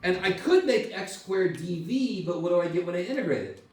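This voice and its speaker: A man with a high-sitting, darkish voice and big pitch swings teaches a university math class at a brisk clip. He's casual and jokey, swearing freely as he explains, heard from far off in an echoey lecture room.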